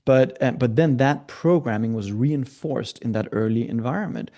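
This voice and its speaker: A middle-aged man, a coach and guest, telling stories in an animated way and acting out the people he quotes. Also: mid-range voice, normal speed, gravelly. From Scandinavia. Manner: lively, acts out quoted voices. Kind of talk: animated storytelling.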